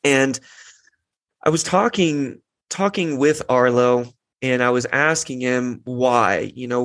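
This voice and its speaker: Speaking a little slowly but with animation, this young podcast host talks about parenting in a mid-range, fairly bright voice, recorded dry. He's earnest and reflective, often restarting sentences and leaning on "you know."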